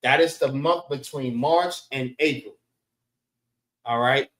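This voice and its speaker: A man teaching a class, relaxed and casual, often saying "all right" between points. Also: medium pitch, slow pace, echoey room, rough recording.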